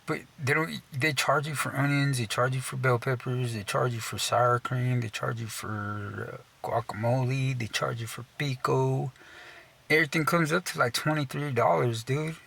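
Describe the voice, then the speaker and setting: A man's voice: medium pitch, fairly even intonation, moderate pace, gravelly, fairly bright tone. A young man from Texas telling a casual, profane rant, swearing constantly, saying "dude" a lot and laughing at himself mid-sentence. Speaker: storyteller.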